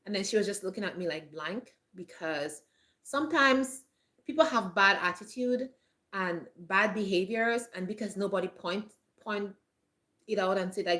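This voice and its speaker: A woman's voice: mid-range voice, normal speed, fairly bright tone. Earnest chatty woman giving life advice. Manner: earnest, chatty, repeats herself and restarts phrases. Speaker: lifestyle vlogger. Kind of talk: casual advice talk to camera.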